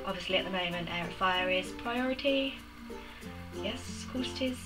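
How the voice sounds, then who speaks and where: A young woman in casual chat as a book vlogger, bubbly and full of quick asides, with music behind. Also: mid-range voice, low-quality recording.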